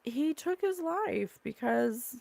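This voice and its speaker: A woman who is a psychic medium, speaking at home in a rambling, halting way and blurting out single words she says come from spirit. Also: high voice, animated, vocal fry, darkish tone, no echo. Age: adult, mother of a young child. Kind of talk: solo spirit channeling monologue. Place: at home, in a room with curtains and a candle.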